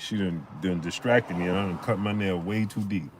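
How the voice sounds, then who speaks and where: A man hosts a casual live stream about boxing, greeting viewers from the chat by name. His voice sits fairly low, and he talks in a loose, animated way. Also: moderate pace, few pauses, slight background noise. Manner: shouts out chat names, chatty and animated.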